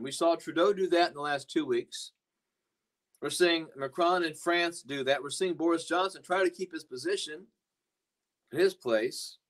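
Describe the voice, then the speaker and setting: A man preaching in a podcast sermon, earnest and a little rambling. His voice sits somewhat high for a man. He circles back and restarts phrases as he talks. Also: fairly bright tone. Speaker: pastor.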